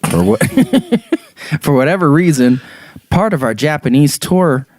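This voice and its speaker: A man in casual podcast chat reads out a dream story, breaking into laughter again and again. His pitch swings widely as he talks. The sound is dry and close. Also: slow pace, no room sound. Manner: laughs often, lively. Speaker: podcast co-host.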